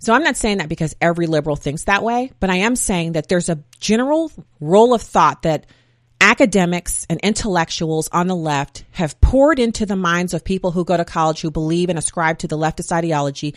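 A middle-aged woman speaking in an opinionated monologue, animated storytelling that acts out quotes and builds to emphatic points. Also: lowish voice, brisk, dry recording, clean studio sound. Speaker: commentator sharing opinions.

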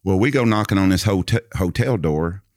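A man with a very low, deep voice tells a story in a relaxed chat. He paints scenes for his listeners and recites long passages from memory. His voice sounds dry and close. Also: normal speed, no room sound. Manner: vivid storyteller who recites scripture from memory. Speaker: guest telling a personal story. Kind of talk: casual storytelling conversation.

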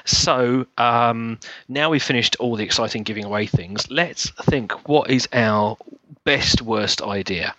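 A man's voice: medium pitch, a little slow, bright, forceful tone. A man hosting a podcast, teasing his co-hosts in casual chat. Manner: jokey, teasing. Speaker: podcast host. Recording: dull dry recording.

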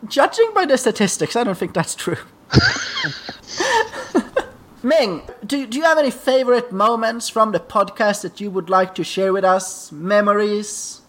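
A man hosting a podcast in casual chat, dry and quick to laugh. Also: high voice, very animated, fairly bright tone. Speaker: podcast host.

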